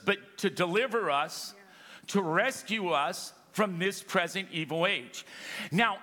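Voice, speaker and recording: Male pastor, high forceful voice, emphatic preaching, reverberant sanctuary sound. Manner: emphatic preaching, calls for congregation response. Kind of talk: sermon. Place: church sanctuary. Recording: long reverb of a large hall.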